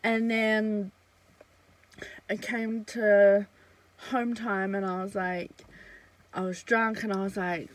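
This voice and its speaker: A young woman vlogging a casual storytime, chatty and blunt, swearing freely and filling pauses with "um" and "like". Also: medium pitch, low-quality recording.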